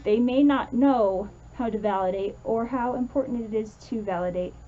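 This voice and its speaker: A woman's voice: a little high, moderate pace, narrow, tinny audio. A woman teaching a casual lesson, chatty and full of fillers, acting out comforting quotes as she explains.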